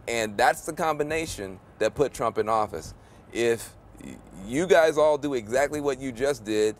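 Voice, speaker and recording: A man's voice: mid-range voice, a little hiss or hum. A man hosting a talk show, talking earnestly and emphatically with guests and teasing them. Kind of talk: studio interview and show segments.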